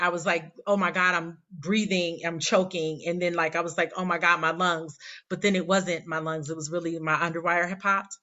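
Forties woman rambling on candidly in an interview, bright voice, kinda dull lo-fi sound. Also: low-pitched. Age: 40s. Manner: candid, rambling, self-deprecating storyteller. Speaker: poet guest. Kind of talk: casual interview chat.

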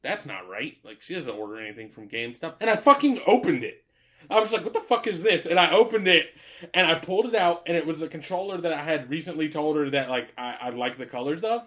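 A man's voice: fairly high pitch, animated, fast talker, a bit bright. A man telling stories in casual chat, rambling and swearing freely, laughing often.

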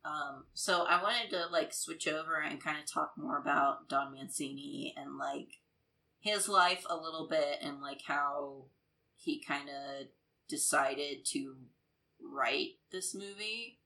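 Podcast co-host, woman, low bright voice, loose filler-heavy film chat. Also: slow, gravelly, low-quality recording. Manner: rambling, lots of "like" and "uh", laughs often. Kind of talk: casual film discussion.

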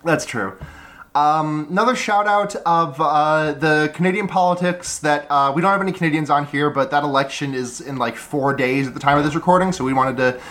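A man's voice: fairly high pitch, brisk, a bit bright. A man co-hosting a casual comedy podcast, rambling, restarting his sentences and laughing easily. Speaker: podcast co-host.

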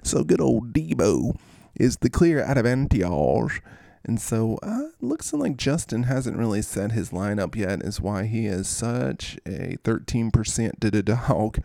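Brief: a gravelly, dark-toned male podcast host, goofy and rambling, with dry, close sound. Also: lowish voice, big pitch swings, unhurried, dry recording. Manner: goofy, rambling, playful asides. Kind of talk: casual fantasy sports commentary.

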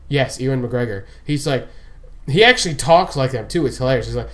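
A man's voice: mid-range voice, animated, brisk. A man in casual fan chat, rambling and often laughing as he talks.

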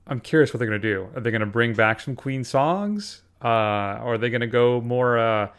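A man's voice: medium pitch, moderate pace, fairly bright tone, smooth. A man co-hosting a film podcast, speaking hesitantly and often trailing off and starting over. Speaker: podcast co-host. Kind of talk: casual film chat.

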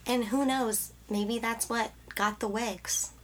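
A young woman co-hosting a podcast, retelling a ghost story in a lively, playful, casual way. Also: a little high, slow, a little hiss or hum. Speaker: podcast co-host.

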